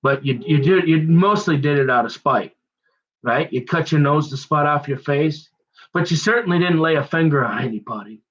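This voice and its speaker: Casting: man, slightly high voice, rambling folksy talker who trips over restarts, muffled lo-fi recording. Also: moderate pace, fairly bright tone. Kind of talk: rambling casual monologue. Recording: dull lo-fi sound.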